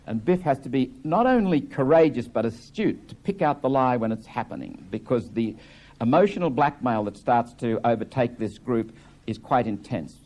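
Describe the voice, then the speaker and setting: A man's voice: mid-range voice, lively intonation, normal speed, a little mellow. A man giving a reflective lecture, explaining a play between dramatic readings.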